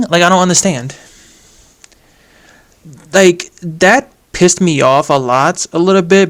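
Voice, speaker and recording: A fairly high-voiced man rants about a game story in a loose, animated way. He swears freely and leans hard on "like" as he works through his frustration. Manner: animated and exasperated, with heavy use of "like" and swearing. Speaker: game commentator. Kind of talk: casual video game reaction rant.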